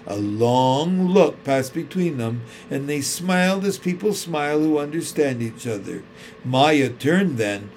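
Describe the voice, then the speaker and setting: A man reads a children's storybook aloud, slow and measured. His voice sits a little higher than most men's. A faint hiss lies under the reading. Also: a little mellow. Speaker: narrator.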